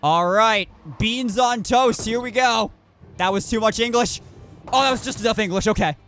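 A man's voice: high voice, a little fast, fairly bright tone, faint music behind. A man giving casual commentary while streaming a video game, rambling and often restarting his sentences. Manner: rambling, self-correcting with many restarts.

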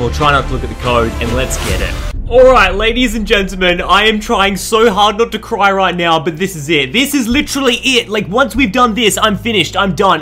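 A male video host giving casual commentary while opening card packs, excitable and swinging between hushed talk and loud hype. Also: on the high side. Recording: background music under voice.

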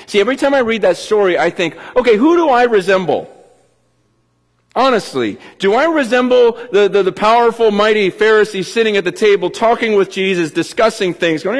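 Animated high-voiced pastor in echoing hall. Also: male voice, a little fast. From California. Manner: candid, confessional, animated with restarts. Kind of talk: sermon. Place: church hall. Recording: long hall reverb.

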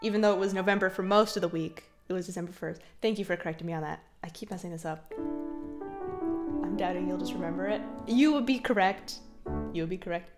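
A woman chatting casually on a live stream, reading chat and giggling often, with soft, mumbly trailing speech. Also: fairly low pitch, steady tone, fast talker, music in the background. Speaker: streamer and singer.

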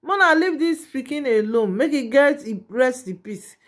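A woman with a Nigerian Pidgin accent gossips to her viewers in a casual vlog. Her voice sits a little high, and she talks straight to the audience with frequent exclamations. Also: animated, moderate pace, fairly bright tone. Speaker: gossip vlogger.

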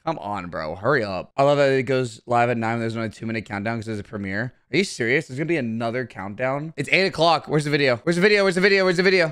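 A young man streaming a live reaction, loud and profane, swinging between hyped yelling and sarcastic mumbling. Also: mid-range voice, quick pace, hardly any pauses, clear, resonant tone, faint music behind.

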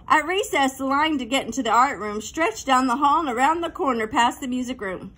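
A woman reading a children's novel aloud as narrator, with clear, lively storytelling. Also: high-pitched, fairly quick, few pauses.

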